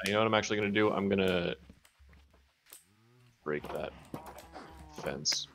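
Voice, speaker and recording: A woman's voice: extremely low pitch, normal speed, a little hiss or hum. A woman playing along in a game, making dry teasing remarks in casual chat. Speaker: fellow player.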